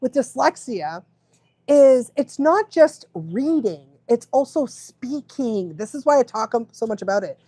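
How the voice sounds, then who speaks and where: A woman's voice: fairly high pitch, very animated, a little slow, mellow, husky, no echo. A woman dog trainer chatting casually on a livestream, laughing often and fumbling her words now and then.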